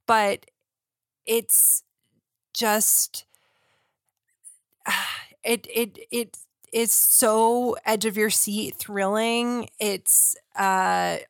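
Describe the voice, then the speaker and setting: A woman's voice: medium pitch, flat delivery, drawn-out words, vocal fry, long pauses, clear, resonant tone, no room sound, clean studio sound. A woman co-hosting a podcast, talking about films in a thoughtful way, often searching for words. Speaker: podcast co-host. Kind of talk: casual film discussion.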